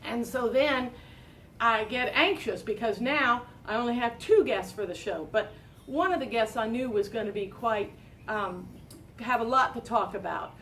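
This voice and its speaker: Woman, late 50s, talk show host; chatty and self-deprecating, high-pitched, recorded with a distant mic. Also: lively intonation, normal speed, a bit bright, slight background noise. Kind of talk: casual chat to a live audience. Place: live talk show with a small audience.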